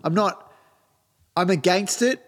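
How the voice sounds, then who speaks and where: A man's voice: high voice, takes it slowly, a bit bright. A man with an Australian accent, bantering bluntly and sardonically with a co-host, swearing often. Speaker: podcast co-host. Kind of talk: casual banter. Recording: roomy long reverb.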